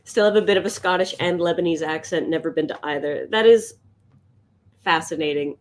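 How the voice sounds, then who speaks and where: A woman's voice: fairly low pitch, fairly quick. A woman chatting casually and rambling while she sketches on a live stream. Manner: rambling, chatty, laughs often. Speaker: art streamer.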